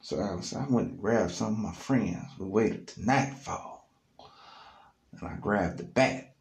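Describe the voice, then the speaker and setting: A man casually telling a story on his podcast, loose and animated, with plenty of fillers, recorded alone in an echoey studio room. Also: fairly low pitch, unhurried.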